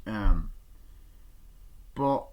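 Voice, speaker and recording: A young man giving a casual, excited movie review, swearing freely and acting out lines from scenes. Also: fairly low pitch, very slow, a little hiss or hum. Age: young adult. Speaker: film reviewer.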